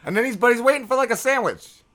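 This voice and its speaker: A man with a bright, forward voice rambles through crude stories on a casual podcast. He swears constantly and drifts from tangent to tangent as he talks. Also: very high-pitched, quick pace. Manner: profane, rambling storyteller. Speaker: podcast host.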